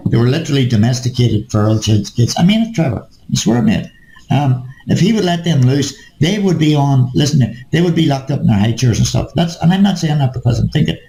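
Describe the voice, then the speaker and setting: A man with a mid-range, dark-toned voice rants and swears through a casual chat, repeatedly calling his listener "mate." The recording is rough and reverberant.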